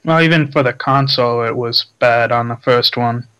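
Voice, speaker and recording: A man co-hosting a casual gaming chat, relaxed and trailing off with filler words. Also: mid-range voice, moderate pace, smooth, poor audio. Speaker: podcast co-host.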